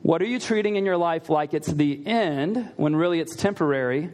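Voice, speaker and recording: A man's voice: on the high side, normal speed, a little mellow. A man preaching a sermon in a conversational way, asking the listeners rhetorical questions and repeating key lines for emphasis. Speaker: pastor.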